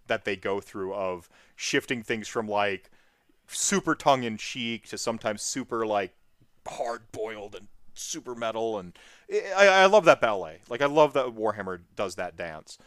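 A man co-hosting a casual gaming chat, talking in an animated, rambling way full of restarts and fillers. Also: fairly low pitch, dry recording, clean studio sound. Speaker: podcast co-host.

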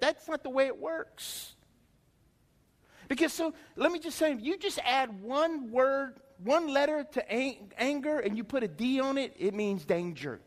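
Middle-aged guy preaching, high voice, folksy and chatty, swoops all over. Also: normal speed, big-room sound. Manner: animated, folksy preaching with asides and laughter. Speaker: pastor. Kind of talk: sermon.

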